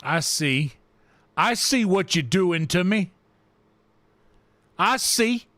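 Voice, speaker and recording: A man's voice: sits high, lively intonation, slow pace, bright, forceful tone, no echo. A man hosting a gaming livestream, greeting and teasing his chat in a playful way and drawing words out in a singsong. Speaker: livestream host. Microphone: desk microphone.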